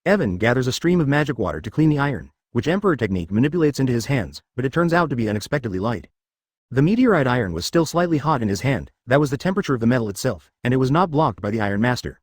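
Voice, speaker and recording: A man reading a fantasy web novel as scripted audiobook narration, in a rapid, lively storytelling manner. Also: medium pitch, no room sound, studio quality.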